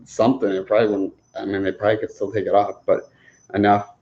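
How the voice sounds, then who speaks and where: A man's voice: fairly low pitch, flat delivery, quick pace, a little mellow, highs cut off. A man chatting casually on a livestream Q&A, rambling, chuckling often and restarting his sentences. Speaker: livestream host answering viewer questions.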